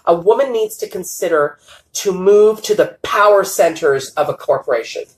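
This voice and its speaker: A woman's voice: fairly low pitch, expressive, moderate pace, rough recording. A woman hosting a live-streamed interview, enthusiastic and affirming, laughing often as she talks. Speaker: host.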